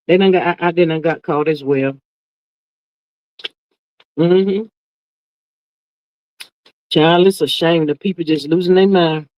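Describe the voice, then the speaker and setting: A woman hosting a casual livestream, reading viewer comments aloud and reacting in a sassy, drawn-out way, calling everyone "child" and "honey". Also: low voice, no room sound. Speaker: livestream host. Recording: dull, lo-fi, dry sound.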